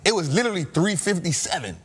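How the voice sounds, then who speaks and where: A man's voice: high voice, big pitch swings, fast. A man hosting a trading show, telling a story in a casual, slangy way and laughing often.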